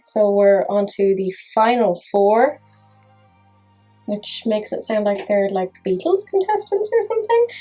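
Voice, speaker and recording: A woman's voice: mid-range voice, mellow, low-quality recording. A woman chatting casually through a makeup review, full of self-mocking jokes. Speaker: makeup vlogger.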